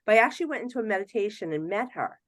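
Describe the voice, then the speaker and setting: Woman guest on a podcast, chatty, animated storyteller, dry close mic. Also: medium pitch, racing, no room sound. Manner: animated, swings between hushed and excited; chatty with frequent "you know". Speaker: psychic medium guest.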